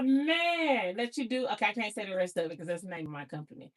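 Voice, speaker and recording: A woman hosting a casual livestream, talking in an emotional, excitable way full of laughter and slang, close to tears. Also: medium pitch, fast, few pauses. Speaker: livestream host.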